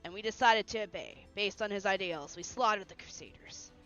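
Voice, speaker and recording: A stern, formal male knight who allows no disloyalty, as a woman reads him. The delivery is measured and formal, on a bright, sharp tone. Faint music plays under dull stream audio. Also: medium pitch, close to an everyday voice.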